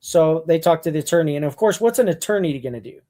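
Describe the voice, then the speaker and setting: A man telling a story as a podcast guest, blunt and animated, acting out what people said. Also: fairly high pitch, fast. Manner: blunt and animated, acts out quoted voices. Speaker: podcast guest, mink hunter. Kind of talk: casual storytelling.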